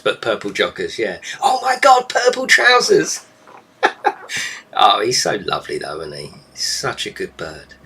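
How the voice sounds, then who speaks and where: Streaming live from his home desk, a gaming YouTuber rambles in a chatty, casual way, shifting to a high coo whenever he addresses his pet bird. His bright, pushed, slightly rough voice swings hugely in pitch at a normal speed, captured by a desk microphone.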